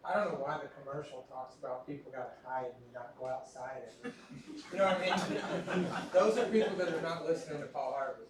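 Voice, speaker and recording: A man's voice: mid-range voice, a little fast, background noise. A middle-aged man teaching an anatomy class, talking casually and joking as he goes. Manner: chatty, joking asides. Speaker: anatomy instructor. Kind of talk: classroom lecture. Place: large echoey classroom. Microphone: recorded from a distance. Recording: echoey classroom from far off.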